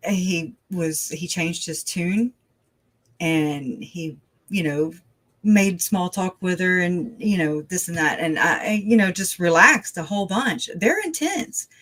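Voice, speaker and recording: A true crime livestream host who talks casually and at length. The voice turns loud and animated when worked up, and it is full of laughs and fillers. The pitch sits in a middle range. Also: slow, rough recording.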